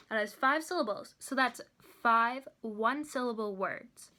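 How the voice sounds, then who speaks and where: A young woman, a college student, giving a friendly lesson to children from home, sounding out words slowly and carefully. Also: on the high side, pushed and bright. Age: young adult. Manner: slow, careful sounding out of syllables. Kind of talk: kids' lesson video.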